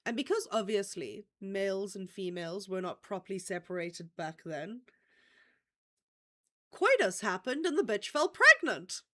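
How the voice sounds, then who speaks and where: A woman livestreams a true-crime story, chatty and casual, swearing offhandedly and regularly checking in with "okay?" Her voice is mid-range and fairly bright.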